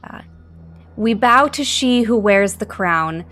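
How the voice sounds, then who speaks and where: A woman's voice: medium pitch, expressive, slow, a bit bright. A woman playing a cocky teen wizard girl. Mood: confident. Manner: breezy, showing off. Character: teenage girl wizard, overconfident.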